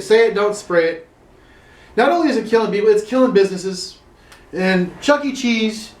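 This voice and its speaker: High-voiced sarcastic comedian man. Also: roomy sound, a little hiss or hum. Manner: swearing, sarcastic, rising to exaggerated outrage. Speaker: standup comedian. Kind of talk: solo comic rant. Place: his own room.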